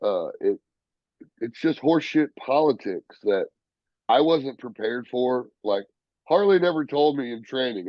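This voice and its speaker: A man's voice: medium pitch, measured pace, no room sound, lo-fi sound. Profane storytelling wrestler, man. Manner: profane, animated, acts out quoted people. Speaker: professional wrestler guest. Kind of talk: casual storytelling interview.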